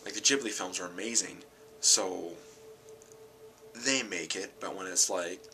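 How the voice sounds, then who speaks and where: Tired guy rambling on his channel, kinda low but really bright voice, faint hiss behind. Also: a little slow, creaky, poor audio. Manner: rambling, self-correcting, animated when annoyed. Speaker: channel host. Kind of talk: casual vlog chat about anime.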